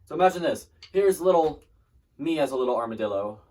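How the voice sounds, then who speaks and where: A man's voice: on the high side, lively intonation, fairly quick. Chatty man teaching drumline parts. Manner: chatty, self-deprecating, trails off mid-demonstration. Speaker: drumline instructor. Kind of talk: casual drum lesson. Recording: distant mic with loud drum music.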